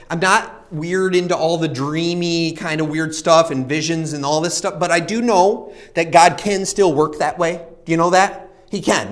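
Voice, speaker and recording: Male preacher, high voice, earnest storyteller, rhetorical questions. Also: a bit bright. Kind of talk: sermon.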